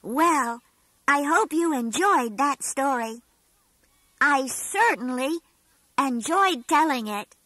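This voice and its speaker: Mr. Bear, a high, sing-song storytelling toy bear. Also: female voice, lively intonation, pushed and bright, dry recording, exaggerated voice. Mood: gentle, storytelling. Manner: slow, sing-song, emphatic. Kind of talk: scripted storybook narration.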